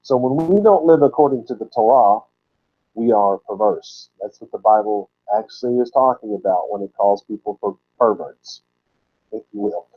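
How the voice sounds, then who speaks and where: A man teaching from the Bible in a sermon style, explaining word roots and repeating key words slowly for emphasis. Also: on the low side. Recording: dull lo-fi recording.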